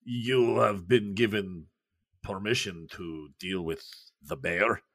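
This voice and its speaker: A man voicing a scheming male Soviet official, speaking slowly and deliberately. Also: deep voice, a bit bright, no echo, pitched below the performer's own voice, exaggerated voice.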